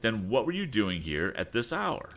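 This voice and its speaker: A man's voice: on the low side, wildly swooping pitch, moderate pace, a bit bright, pitched above the performer's own voice, full character voice. Man voicing a stern young inventor. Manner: stern, commanding.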